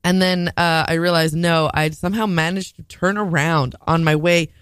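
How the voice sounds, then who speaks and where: A woman's voice: fairly low pitch, fairly even intonation, moderate pace, a bit bright, clear, resonant tone, no room sound. A woman telling a rambling, self-mocking story in casual radio chat.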